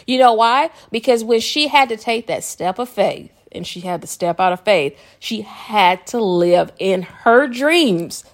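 A woman's voice: a little high, expressive, a little fast, few pauses. A woman hosting a podcast, talking casually about spiritual self-help in a rambling way, laughing often and checking in with listeners. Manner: chatty, rambling, often asks listeners "okay?". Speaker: podcast host.

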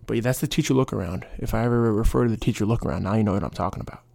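A man's voice: fairly low pitch, very fast, creaky, darkish tone, no echo. A young man hosting a casual solo podcast, rambling through stories with quoted voices and asides. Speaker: podcast host.

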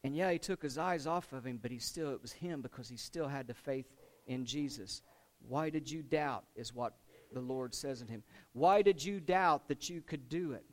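Animated male preacher telling a story. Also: mid-range voice, moderate pace. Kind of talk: sermon.

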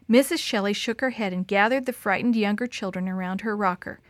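A woman reads a story aloud with expressive, dramatic narration. Her voice sits at a middle pitch. The recording is dry and close, with no room echo. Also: fairly quick, few pauses.

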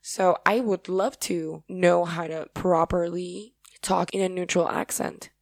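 A woman's voice: fairly low pitch, fairly even intonation, unhurried, creaky, no echo. A Spanish-speaking woman from Paraguay with a Paraguayan accent, hosting a podcast and talking to listeners in a rambling, earnest, effusive way. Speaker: podcast host. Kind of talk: casual solo talk.

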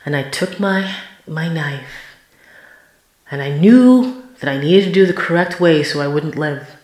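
A woman telling a personal story, expressive and acting out her own quoted words with sudden jumps in pitch and loudness. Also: measured pace. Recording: roomy echo.

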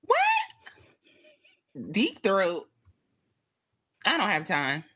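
A woman's voice: on the low side, animated, a little slow, a bit bright. A woman co-hosting a podcast in casual chat, blunt and wisecracking. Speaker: podcast co-host.

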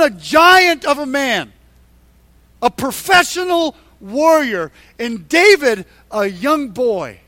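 A man with a strikingly high voice preaches a sermon and tells the Bible story with lively, animated delivery. He presses each point through emphatic repetition. The recording is dry and close, with no room echo. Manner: emphatic, repeats points for stress. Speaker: pastor.

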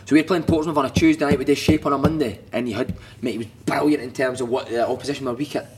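A Scottish man in his thirties, a former footballer on a podcast, telling animated, sweary stories and shouting out quoted lines. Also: mid-range voice, rapid-fire, noisy background. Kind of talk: casual chat, storytelling.

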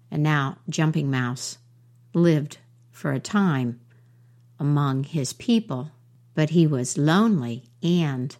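A woman storyteller telling a folk tale in an unhurried, warm way. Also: sits low.

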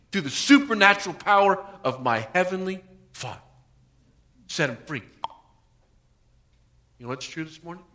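A man preaching a sermon, acting out the people in the story with swings between soft and loud delivery. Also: fairly high pitch, lively intonation, moderate pace, long pauses. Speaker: pastor.

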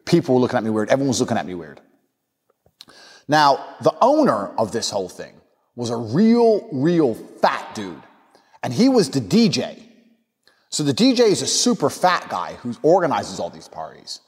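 A man's voice: medium pitch, huge pitch swings, moderate pace, big-room sound. A man hosting a podcast, telling a casual story bluntly and crudely, breaking into impressions. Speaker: podcast host. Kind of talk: casual anecdote.

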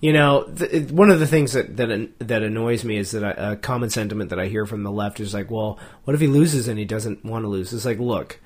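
A young man co-hosting a podcast, talking casually and haltingly, often restarting his thoughts. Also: fairly low pitch. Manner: hesitant, halting, lots of fillers and restarts. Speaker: podcast co-host. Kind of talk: casual political chat.

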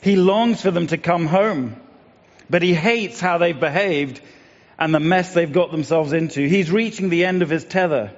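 A middle-aged man speaks in a somewhat high voice, musing his way through a morning devotion with frequent fillers and restarts. The sound is dull and lo-fi, and a long reverb trails after his words. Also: normal speed. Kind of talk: reflective spoken devotion.

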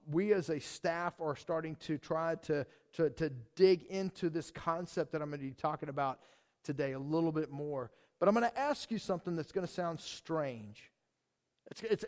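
Animated high-voiced preacher man. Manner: animated, repeats words and stammers restarts. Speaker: pastor. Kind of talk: sermon.

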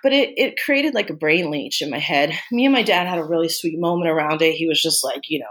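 Woman from Austin, interview guest, candid personal story, halting, filler-heavy, near tears at times. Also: deep voice, fairly bright tone. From Austin, Texas. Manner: candid, halting, many "like" and "you know" fillers.

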